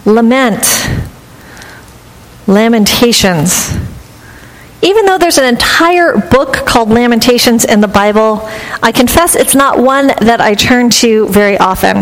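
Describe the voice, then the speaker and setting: Woman pastor, slightly high voice, measured and earnest sermon delivery, long church reverb. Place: church sanctuary.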